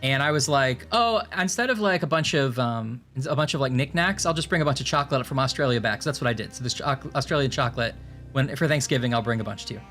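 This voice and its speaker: A man's voice: mid-range voice, fast talker, a bit bright. A man hosting a game stream, telling rambling stories in casual chat with many fillers, faint music behind him. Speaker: stream host.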